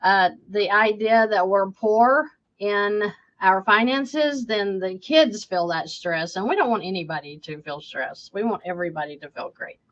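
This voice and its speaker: A woman's voice: medium pitch, measured pace, a bit bright, dull audio. A woman, a financial coach, answers viewer questions emphatically and keeps checking in with "okay?". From United States.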